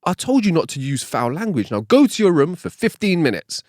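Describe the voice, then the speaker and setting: A man's voice: on the high side, very animated, a little fast, a little mellow, no room sound, studio quality, pitched above the performer's own voice. A man voicing a stern mother who scolds her young son during a told joke. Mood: scolding. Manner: scolding, firm.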